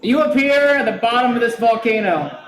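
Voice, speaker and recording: A man's voice: very high-pitched, expressive, brisk, music in the background. A man narrating as game master at a live tabletop show in a brewery, joking and laughing as he goes. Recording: roomy live venue with crowd. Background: crowd.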